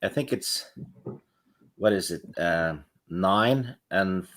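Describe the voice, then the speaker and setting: A man joining a casual chat, halting and full of uhs. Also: low voice, fairly bright tone.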